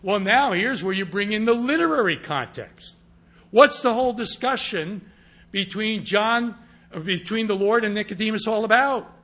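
A man's voice: high voice, moderate pace, a bit bright. A man teaching a class on interpreting scripture, speaking emphatically and often checking that his listeners follow. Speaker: Bible teacher.

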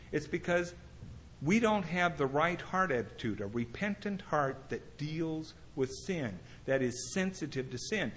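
High-voiced man preaching a sermon. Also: a bit bright. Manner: earnest, conversational preaching with storytelling. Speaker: pastor.

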